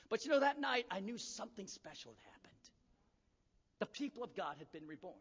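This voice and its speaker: A man's voice: high voice, very animated, a little fast, fairly bright tone, husky. A man preaching a sermon, telling a story and acting out the dialogue of the people in it. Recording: echoey hall, dull lo-fi sound.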